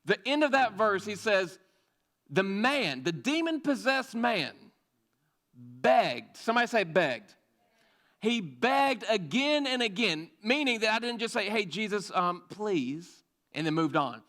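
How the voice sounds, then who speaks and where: A young preacher with a high, ringing voice talks to his youth group like a friend. He jumps between storytelling, quick jokes and acted-out lines, bright and energetic throughout. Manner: energetic, conversational, jokey asides and acted-out quotes. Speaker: youth pastor. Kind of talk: sermon.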